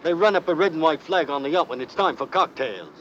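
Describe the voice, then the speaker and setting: Smooth snobby rich guy, fake posh voice, old muffled movie sound. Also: on the high side, animated, quick pace, a bit bright, a little hiss or hum. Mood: aloof. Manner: affected posh drawl. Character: suave wealthy young man posing as an heir. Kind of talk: 1950s film acting. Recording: dull old film soundtrack.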